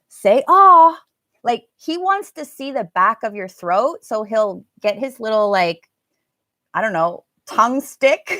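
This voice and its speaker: Slow, bright-voiced woman teaching pronunciation. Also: on the high side, no room sound, studio quality. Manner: chatty, drawn-out demonstration of vowel sounds. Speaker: English teacher. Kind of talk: live online pronunciation lesson.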